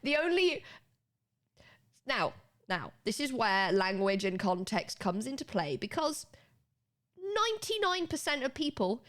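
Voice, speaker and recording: A woman's voice: on the high side, very animated, a little slow, long pauses, fairly bright tone. A British woman streaming live, chatting casually and laughing often as she teaches a spelling lesson to her viewers.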